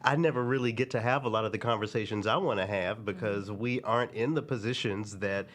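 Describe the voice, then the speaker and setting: A man's voice: lowish voice, fairly quick, a bit bright. A man hosting a casual podcast conversation, laid-back and joking with slangy asides. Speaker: podcast host. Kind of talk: casual chat.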